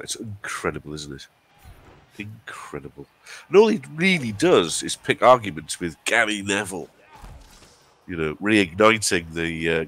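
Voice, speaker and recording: A man's voice: sits low, fairly bright tone. A man from England with a cold, co-hosting a live stream in casual, jokey banter. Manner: chatty, banter with jokey asides. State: has a cold. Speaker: stream co-host.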